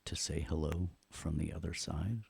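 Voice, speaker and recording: A man teaching an audio software lesson in a casual, playful way, tossing in corny jokes between the steps. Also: rumbling low, flat delivery, normal speed, creaky, husky, dry recording. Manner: playful, joking, chatty with corny puns. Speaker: audio production instructor.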